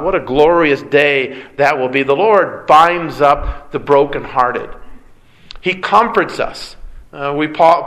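A man's voice: on the high side, fairly bright tone, rough recording. Earnest man preaching a sermon. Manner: earnest, conversational preaching with rhetorical questions. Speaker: pastor.

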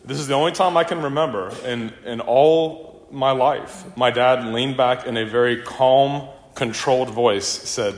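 A middle-aged man stands at the front of a church and gives a funeral eulogy. His voice sits at an ordinary pitch and rings through a large hall with a long, roomy reverb. He tells family stories in a reflective way. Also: moderate pace. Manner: reflective storytelling, with warm anecdotes. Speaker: son giving a eulogy.

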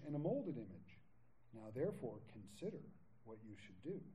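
A man with a fairly high voice, captured on a low-quality recording, leads a Bible study as a pastor. He reads scripture aloud verse by verse, stopping between readings for animated jokes, casual asides and loose paraphrase, like a conversational sermon.

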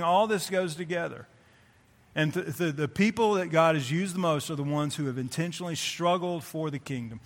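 Guy preaching a sermon, kinda high voice, repeats stuff for emphasis, big echoey church sound. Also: fairly bright tone. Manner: emphatic, repeats key phrases, reads scripture slowly. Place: church sanctuary. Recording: long reverb of a church hall.

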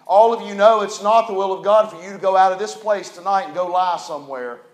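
A male pastor preaching a sermon, moving from quiet storytelling to loud, emphatic rises. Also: high voice, a little fast. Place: church hall. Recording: echoey church room.

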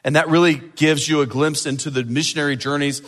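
A man preaching a sermon as pastor, animated and building to emphatic peaks. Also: fairly high pitch, fast, big-room sound.

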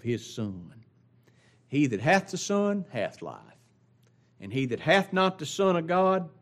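A man's voice: sits high, a bit bright. A man preaching a sermon as pastor, drawing out quoted scripture and rising in emphasis on key points.

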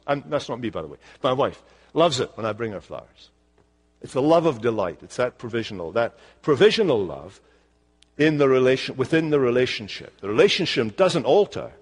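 An older man with a Scottish accent preaching a sermon in a church, slowing down to stress his key words. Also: on the high side. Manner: expressive preaching, slowing for emphasis. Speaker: pastor. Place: church sanctuary. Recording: long church reverb.

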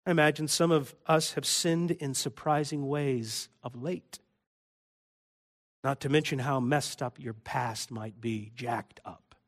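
A man preaching a sermon as pastor, moving between quiet, intimate passages and loud, impassioned appeals. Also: mid-range voice, unhurried. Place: church.

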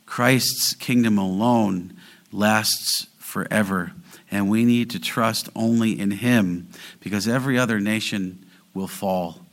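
A man's voice: fairly low pitch, fairly even intonation. Earnest male preacher, swelling emphasis. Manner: earnest preaching, slows and swells on key phrases. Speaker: pastor. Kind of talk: sermon.

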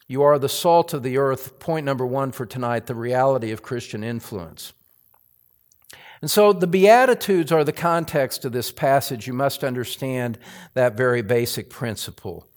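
A male pastor preaching a sermon, building to emphatic, forceful stress on key lines. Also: mid-range voice, moderate pace. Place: church sanctuary.

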